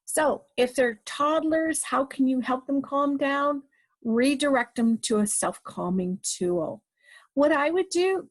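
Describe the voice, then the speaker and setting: A middle-aged Canadian woman, a parenting educator, gives a talk in a fairly high voice. She's emphatic and direct, hammering her points home with short, repeated commands.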